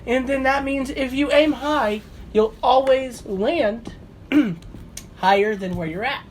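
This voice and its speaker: A man's voice: extremely high pitch, slow, a little hiss or hum. Jokey, enthusiastic male podcast co-host. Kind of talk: casual podcast chat.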